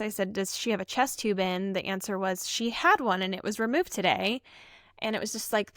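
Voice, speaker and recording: A woman's voice: medium pitch, a bit bright, dry recording, clean studio sound. A woman co-hosting a casual podcast, an emergency vet tech telling her stories in an earnest, heartfelt way.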